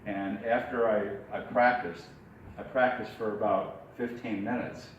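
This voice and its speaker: A man's voice: lowish voice, fairly even intonation, measured pace, distant mic, dull audio, slight background noise. A man teaching a ventriloquism workshop in a chatty, folksy, demonstrative way. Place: workshop room. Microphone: distant from the mic. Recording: echoey room from afar, faint background.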